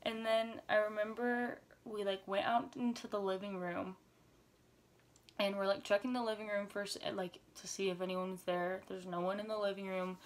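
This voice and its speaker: Young woman, vlogger, animated storytelling, filler-heavy, chatty, medium pitch. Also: moderate pace. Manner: animated retelling, frequent "like" fillers. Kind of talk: story time vlog.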